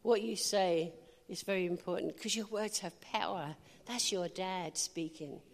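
A woman's voice: fairly low pitch, unhurried. A woman preaching an informal sermon, chatty and humorous, with emphatic declarations. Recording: hall reverb.

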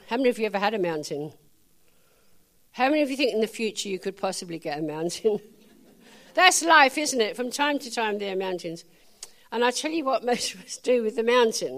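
A woman's voice: mid-range voice, creaky, fairly bright tone. A woman preacher giving a chatty sermon, laughing often and adding playful asides.

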